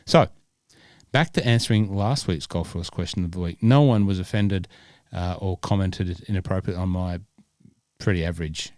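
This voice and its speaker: A man's voice: low voice, moderate pace, darkish tone, no room sound, clean studio sound. A man, born in Scotland, hosting a golf podcast in rambling casual chat full of fillers and restarts. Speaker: podcast host.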